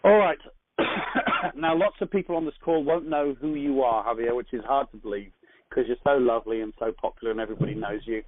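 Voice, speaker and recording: A man's voice: medium pitch, quick pace. An Englishman hosting a coaching conference call, talking in an upbeat, chatty way with lots of fillers and asides. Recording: phone line.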